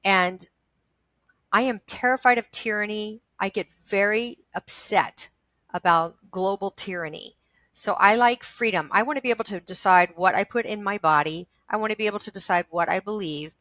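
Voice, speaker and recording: A woman's voice: mid-range voice, pushed and bright, no room sound, low-quality recording. Earnest woman telling a personal story. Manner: heartfelt, emphatic, tells her story quickly with repeated restarts. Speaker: actress and interview guest.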